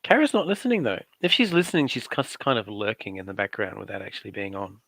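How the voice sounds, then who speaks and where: A man's voice: on the low side, lively intonation, fast, creaky, fairly bright tone, no room sound. A middle-aged man with an Australian accent giving playful, teasing commentary on a casual craft livestream. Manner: playful, teasing, dry asides.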